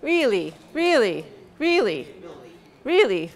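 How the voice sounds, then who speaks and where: A woman teaching English pronunciation in a live lesson, patiently drilling vowel sounds slowly over and over. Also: a little high, very animated.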